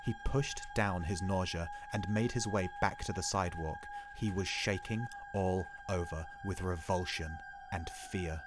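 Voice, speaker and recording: A man narrating a short story in a measured, dramatic reading, over background music. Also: low-pitched, wildly swooping pitch.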